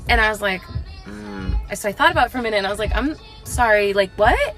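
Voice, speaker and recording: A woman's voice: mid-range voice, expressive, fast talker, gravelly, a bit bright, faint music behind. A woman telling a story about an embarrassing moment in a mortified, dramatic, chatty way. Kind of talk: casual storytime monologue.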